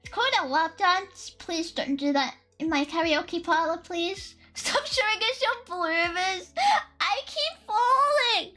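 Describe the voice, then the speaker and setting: A young woman streaming live in casual chat, excitable and giggly, swearing freely as she thinks aloud. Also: very high-pitched, a little slow. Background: faint lo-fi music.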